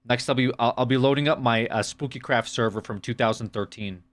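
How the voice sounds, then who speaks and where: A man's voice: medium pitch, fairly quick. A man from the United States, streaming live and reacting to chat with sarcastic, profane, rambling rants.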